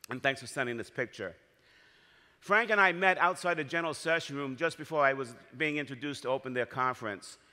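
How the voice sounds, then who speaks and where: A man's voice: medium pitch, sharp tone. A man telling heartfelt stories in a keynote speech as an association president, in a large convention hall. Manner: storytelling, heartfelt. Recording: long hall reverb.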